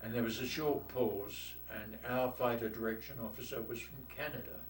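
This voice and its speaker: A man's voice: medium pitch, steady tone, moderate pace. Old London man, blunt war stories. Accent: London English. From London, England. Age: 80s. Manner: blunt, salty storyteller. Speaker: war veteran interviewee. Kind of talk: oral history storytelling. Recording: echoey room, distant mic, faint noise.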